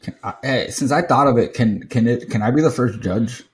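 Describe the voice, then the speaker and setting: A man co-hosting a podcast, joking in slow, sometimes mumbled banter. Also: mid-range voice. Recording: noisy background.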